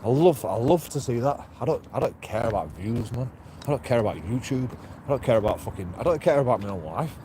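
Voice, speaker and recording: A man's voice: mid-range voice, expressive, brisk, mellow. A man rambling profanely to his camera outdoors, laughing to himself now and then, with traffic behind him. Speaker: street video blogger. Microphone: handheld camera. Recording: street ambience and traffic noise.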